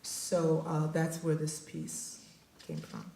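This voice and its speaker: A woman's voice: low-pitched, huge pitch swings, slow pace, gravelly, warm tone. A woman poet giving an intense, rhythmic performance reading of her poetry at a festival. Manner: intense, rhythmic, incantatory delivery. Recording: echoey hall.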